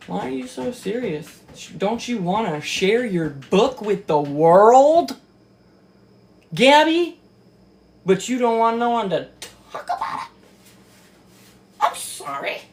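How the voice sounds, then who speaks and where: Slow, lively, swearing woman commentator. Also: mid-range voice. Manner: profane, exclamatory, mocking; laughs often. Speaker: book commentator. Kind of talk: casual reaction commentary.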